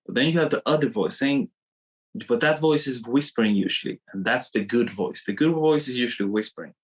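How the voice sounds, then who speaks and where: A man coaching a live online webinar, animated and repetitive as he draws on screen, talking into a computer mic. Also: medium pitch, brisk, rough recording. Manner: animated, repeats himself, drawing on screen.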